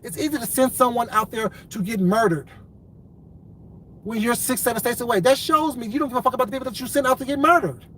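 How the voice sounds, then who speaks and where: A high-voiced man rants straight to his viewers, swearing freely and hammering the same point over and over. A faint hiss of background noise sits under the voice. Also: quick pace, a bit bright, poor audio. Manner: profane, repetitive, confrontational. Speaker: commentary vlogger. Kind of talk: ranting commentary vlog.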